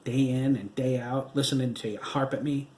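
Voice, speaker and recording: A man's voice: medium pitch, fairly even intonation, moderate pace, a little mellow, reverberant, a little hiss or hum, natural voice. A man voicing a bitter, scornful widow. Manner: scornful, snapping, breaking into sobs. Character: bitter middle-aged widow, sharp-tongued and defiant.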